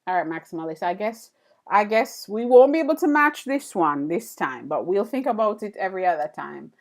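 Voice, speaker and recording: A woman's voice: medium pitch, animated, brisk. A woman chatting casually with viewers on a live stream while she draws, thanking them by name and trailing off into fillers and restarts. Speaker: illustrator live-streaming a drawing session.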